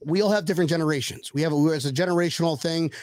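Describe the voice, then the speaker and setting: A man hosting a podcast, talking in a loose, rambling, jokey way and swearing freely. His voice sits a little high for a man. The sound is dry and close. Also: very fast, a little mellow, no room sound. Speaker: podcast host. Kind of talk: casual chat.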